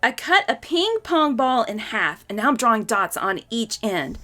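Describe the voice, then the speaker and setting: Woman doing a sarcastic little boy, six years old, high and bright, bouncy, excitable, comic-strip kid. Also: normal speed. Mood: scheming.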